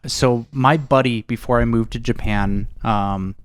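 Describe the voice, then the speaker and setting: A man's voice: mid-range voice, measured pace, dry recording. A young man from the US Northwest co-hosting a casual podcast chat over drinks, talking loosely with lots of fillers and restarts. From US Pacific Northwest. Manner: chatty, restarts and lots of fillers, breaks into impressions. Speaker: podcast co-host.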